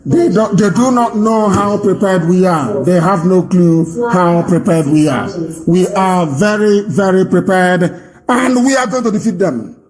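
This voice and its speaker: A man's voice: high voice, darkish tone, poor audio. A man hosting a live call-in radio broadcast, fiery and emphatic, repeating phrases for stress.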